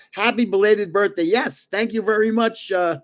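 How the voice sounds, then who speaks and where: A man's voice: high voice, measured pace, fairly bright tone. Chuckling older man telling stories. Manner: chuckles often, rambling anecdotes. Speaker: livestream host. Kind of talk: casual storytelling livestream. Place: home.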